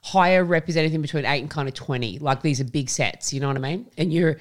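A woman co-hosting a casual podcast chat, swearing freely and laughing through her stories. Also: low-pitched. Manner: swears constantly, laughs often, storytelling; animated, fast bursts. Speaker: podcast co-host.

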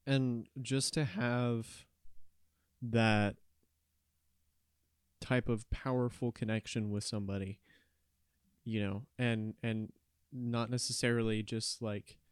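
A man's voice: medium pitch, fairly even intonation, slow pace, pauses often, clean tone, no room sound, studio quality. A man co-hosting a podcast, talking in a reflective, agreeing way. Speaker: podcast co-host. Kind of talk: casual chat.

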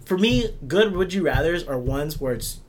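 A young man co-hosting a podcast, chatting casually and loudly, telling joking stories. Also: a little high, animated, moderate pace, soft background music. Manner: loud, joking storyteller. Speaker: podcast co-host. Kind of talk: casual chat.

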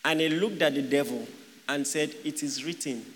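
A man's voice: fairly high pitch, normal speed, a bit bright, slight background noise. A man preaching a sermon, asking the congregation rhetorical questions and joking with them. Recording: long hall reverb.

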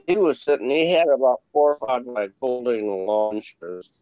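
As a guest in a casual interview, a former film crew member, now an older man, wanders through anecdotes with plenty of fillers and frank cursing. He speaks expressively at a normal pace in a warm, mid-range voice, though the audio is dull.

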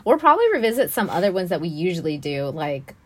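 Podcast co-host, woman, laughs easily, very lively pitch. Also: quick pace, husky. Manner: giggly, animated banter. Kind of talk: casual chat.

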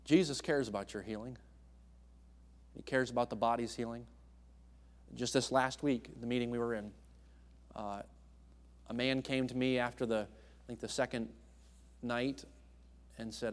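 A man preaching a sermon as a guest speaker. He swings between hushed, tender passages and loud, emphatic ones, often restarting and stumbling over words. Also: medium pitch, fairly even intonation, moderate pace, long pauses.

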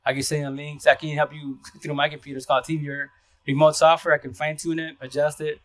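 A man talks casually on a home live stream, moving fast and restarting his sentences. His voice sits a bit high, and the sound is dry and close. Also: little pitch movement, dry recording. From Seattle area. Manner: fast, rambling talk with restarts. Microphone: phone.

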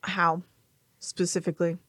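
A woman's voice: on the low side, little pitch movement, measured pace, a bit bright, dry recording, clean studio sound. A woman voicing a defiant young woman in a tabletop game who asks pointed questions. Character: defiant young woman facing a crime boss.

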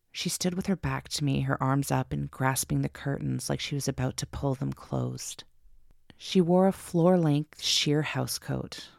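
A woman narrating a first-person ghost story for her podcast, slow and suspenseful. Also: rumbling low, gravelly, a little mellow, dry recording, studio quality.

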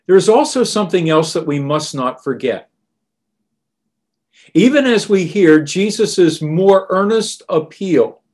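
A male preacher delivers a sermon at an unhurried, deliberate pace. His voice sits a little higher than most men's, and he talks with steady earnestness, going quieter and lower when he quotes scripture. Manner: slow, earnest and deliberate, softening on quoted words.

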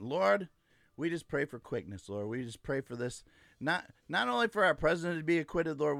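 A man's voice: medium pitch, creaky, fairly bright tone, no room sound, clean studio sound. A man hosting a casual livestream, ranting emphatically and gloating, repeating his points. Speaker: livestream host. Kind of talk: casual political livestream rant.

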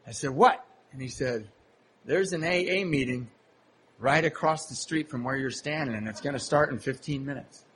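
A man with a slightly higher than usual voice tells his recovery story to a live crowd at a meeting. He mocks himself with a comic touch and acts out the other people's voices. A faint hum of the hall sits behind him. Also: moderate pace, a bit bright. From Southern California. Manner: humorous, self-mocking storytelling with acted-out voices. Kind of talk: personal recovery story told to a live audience. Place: meeting hall before an audience.

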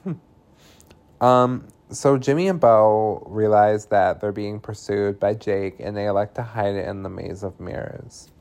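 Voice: low voice, measured pace, a little mellow. A speaker casually recapping a film plot, chatty and sarcastic, peppering the story with "like" and swearing. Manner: chatty, swears freely, heavy use of "like"; sarcastic asides.

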